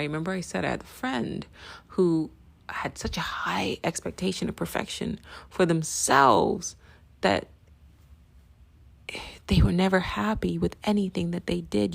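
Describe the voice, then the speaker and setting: A woman host speaking her mind in a loose, emphatic podcast monologue, with a lowish voice and a gravelly edge. She swears freely, circles back to repeat her point, and punctuates her lines with "right?". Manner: emphatic, repeats phrases, asks "right?" often. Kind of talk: casual opinion monologue.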